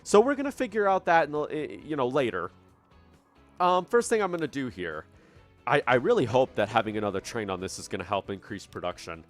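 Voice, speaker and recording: With faint music in the background, a man speaking at medium pitch offers casual commentary while playing his train-building game, slightly fast and with lively intonation. He thinks aloud and wrestles with problems, using a studio dynamic microphone.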